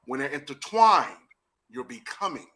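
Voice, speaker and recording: A man with a D.C. hosts a loose podcast chat. He sits high in his range for a man, with a bright, forceful edge. He coaches and sets up scenes with lively energy and frequent laughter. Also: moderate pace. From Washington, D.C. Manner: animated, laughing, coaching and directing others. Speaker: podcast host and acting teacher.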